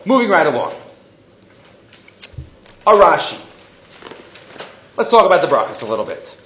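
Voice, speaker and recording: Lively male Torah teacher, rhetorical questions, echoey lo-fi room. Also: on the high side, normal speed. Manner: mixes Hebrew and English, asks rhetorical questions. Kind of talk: animated Torah class. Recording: echoey, dull lo-fi classroom recording.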